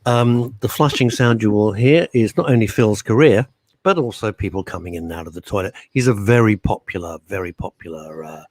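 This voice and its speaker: A man's voice: on the low side, brisk, no echo. A middle-aged man co-hosting a radio talk show, teasing and opinionated, speaking into a studio microphone. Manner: brash, teasing, animated and opinionated.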